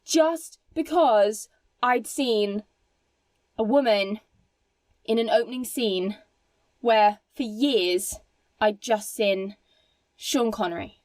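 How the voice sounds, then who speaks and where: Woman, film podcast co-host, high-ish, dry close sound, emphatic, curses freely. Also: slow pace, pauses often, darkish tone, no room sound. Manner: emphatic, swears freely, mimics film characters. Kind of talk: casual film podcast chat.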